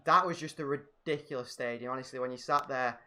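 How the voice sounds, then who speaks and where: A man's voice: medium pitch, fast, pushed and bright. A man co-hosting a casual fan Q&A, chatty as he reads out viewer questions while playing a game. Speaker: channel co-host. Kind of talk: casual Q&A chat while gaming.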